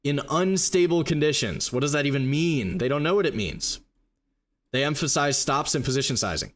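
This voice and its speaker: A man teaching trading live, walking through charts and rapidly acting out a confused trader's thoughts. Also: a little high, animated. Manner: rapid, emphatic explaining with mock inner voices. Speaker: trading educator. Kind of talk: live stream chart walkthrough.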